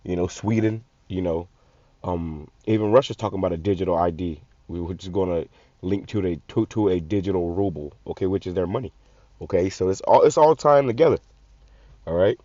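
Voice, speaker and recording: A man's voice: sits low, brisk, dark tone, no room sound. A man, giving blunt, profane casual commentary on a video, often repeating and restarting words. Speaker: channel host. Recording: muffled lo-fi audio.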